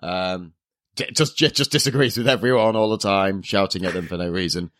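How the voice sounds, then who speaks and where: A man's voice: low voice, fairly bright tone, dry recording. Giggly male podcast co-host, dry sound. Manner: giggly, quick to laugh, self-correcting. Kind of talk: casual chat.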